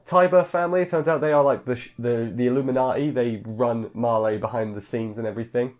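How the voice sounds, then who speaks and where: A man's voice: mid-range voice, quick pace. Casual male reviewer, offhand and chatty, dull lo-fi mic sound. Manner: rambling, offhand, filler-heavy, mimics characters in quotes. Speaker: anime reviewer. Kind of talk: casual episode recap.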